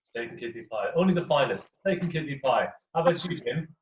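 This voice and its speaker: A man's voice: mid-range voice, animated, fast talker. Young English male storyteller, playful and chatty, speaking to a listening crowd; picked up from a distance, so the voice sounds set back. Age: young adult. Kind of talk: live storytelling to an audience. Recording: echoey room, mic at a distance, faint noise.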